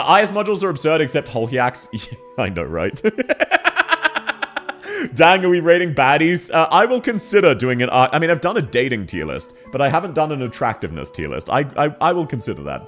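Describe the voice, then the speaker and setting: A man streaming live and chatting in a casual way, his pitch bouncing wildly up and down as he reacts to his viewers. He laughs a lot and keeps the talk loose. Soft music plays faintly behind him. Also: big pitch swings, fast.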